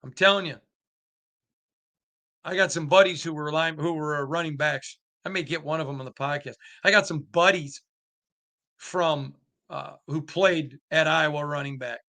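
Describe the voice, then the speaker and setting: This sports podcast host has a fairly high, bright, pushed voice and talks at a normal speed. His casual commentary is emphatic and animated, full of restarts and side remarks.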